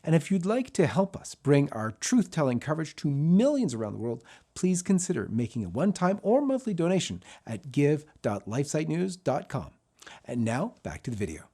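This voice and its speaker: Lively, higher-voiced male interview host. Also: moderate pace. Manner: inquisitive, leading questions. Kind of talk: interview questions and channel promo.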